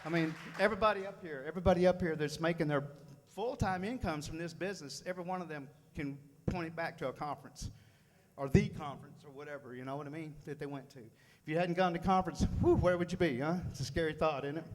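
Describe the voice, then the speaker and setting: A man's voice: on the high side, fast talker. A man giving a folksy, fired-up motivational speech to a room at a sales meeting, repeating phrases for emphasis. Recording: long hall reverb.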